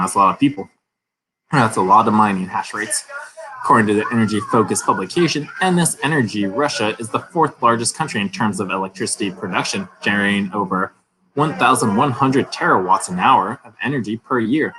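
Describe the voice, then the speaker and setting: A man's voice: fairly low pitch, expressive, fairly quick, background noise. Man reading crypto news casually. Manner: reads articles aloud with chatty asides and laughs. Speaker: crypto news channel host.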